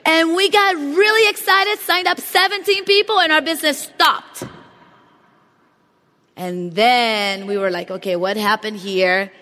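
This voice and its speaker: A woman giving an energetic motivational speech on stage, talking straight to the audience and asking them questions. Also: high voice, a little slow. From Latin America. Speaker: motivational speaker at a company event. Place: large hall on stage. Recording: long hall reverb.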